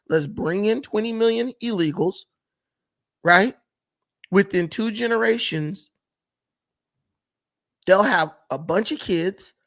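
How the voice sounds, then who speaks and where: A man's voice: high voice, gravelly. A man hosting a casual livestream, arguing points and answering his chat directly. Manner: argumentative, addresses chat directly. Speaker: livestream host.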